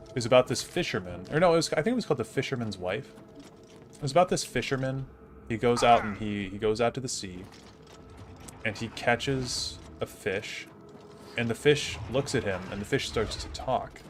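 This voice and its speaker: A man in his thirties chatting casually on a game stream, rambling with lots of fillers and restarts. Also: medium pitch. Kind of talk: casual storytelling while gaming.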